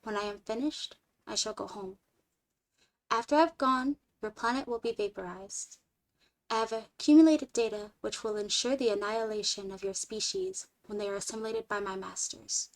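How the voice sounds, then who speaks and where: A woman voicing a weary male alien scout from a storybook, speaking slowly in a flat, formal way, lower and quieter than her reading voice. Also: lightly acted. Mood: grave.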